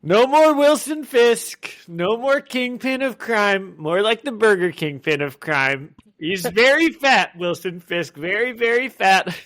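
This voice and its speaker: A man doing a loud, boastful politician impression. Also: high voice, lively intonation, pitched above the performer's own voice. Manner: loud, slow, self-congratulating.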